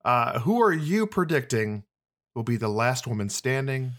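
A young man co-hosting a casual podcast, enthusiastic and quick to laugh. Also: medium pitch, big pitch swings, fairly bright tone. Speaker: podcast co-host and writer.

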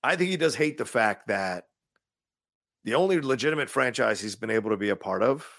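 Podcast co-host, male, gravelly and husky, lively and rambling, dry close mic. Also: medium pitch, brisk, dry recording. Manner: opinionated, laughs often, rambling. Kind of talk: casual movie chat.

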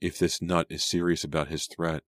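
A man voicing a worried teenage girl who talks softly and scolds her best friend in an audiobook. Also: level tone, normal speed, dry recording, studio quality. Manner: soft and low, scolding.

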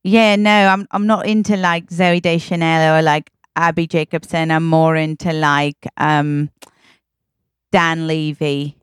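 A woman voicing a gentle, polite, tall male ship captain in an improvised comedy scene, speaking softly and courteously. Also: low-pitched, flat delivery, a little slow, clean tone, no room sound, clean studio sound. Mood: flirty. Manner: soft-spoken, courteous and apologetic.

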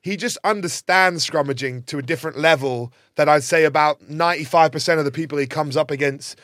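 A man's voice: fairly high pitch, fairly quick, dry recording. A man, a former rugby player, talking as a studio guest, telling stories animatedly in casual banter. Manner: animated storytelling with laughs.

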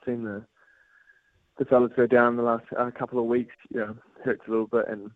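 A young man from New Zealand with a New Zealand accent, calling in to a radio show for casual chat, relaxed and laughing along. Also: medium pitch, fairly quick, no room sound. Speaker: guest on the phone. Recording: tinny phone line.

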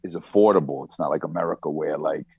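Long Island rapper, very low voice, dry close sound, easygoing and rambling. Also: male voice, fast talker, darkish tone, breathy edge, no room sound. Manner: laid-back, rambling with many restarts. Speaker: rapper guest. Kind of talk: casual interview chat.

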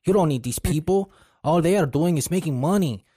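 A man's voice: fairly quick, husky, dry recording, clean studio sound. A man voicing an angry man with a thick Spanish accent who scolds and berates. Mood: berating. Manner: berating, loud, high-pitched, calls him fool.

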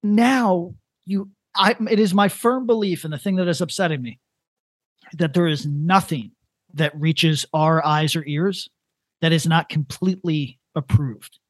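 A man in his thirties co-hosting a casual comedic podcast, rambling in a deadpan way with lots of restarts. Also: on the high side, unhurried, no room sound. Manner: rambling, deadpan, building to a prank. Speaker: podcast co-host.

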